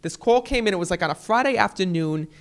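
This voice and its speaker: A man telling stories as a guest in an interview, animated and acting out the people he quotes. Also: high-pitched, fast. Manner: animated, acts out quotes in voices. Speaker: guest, TV psychic. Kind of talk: casual storytelling in an interview.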